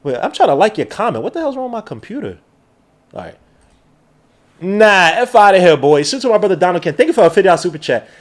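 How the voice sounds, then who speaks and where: A man hosts a live basketball watch-along, talking fast and slangy like an excited fan. His voice sits high and swings up and down a lot. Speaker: podcast host.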